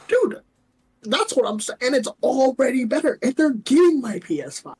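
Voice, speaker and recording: A player in a tabletop role-playing game, relaxed and joking. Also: high-pitched, normal speed. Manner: laid-back, laughing. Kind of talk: tabletop game play, casual chat.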